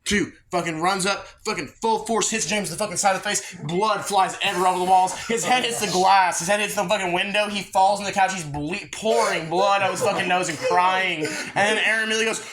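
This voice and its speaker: Young male podcast host, high voice, loose and profane storyteller, group voices behind him. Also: fairly quick, hardly any pauses, a crowd in the background, low-quality recording. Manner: rambling, profane, animated storytelling. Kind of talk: casual storytelling chat.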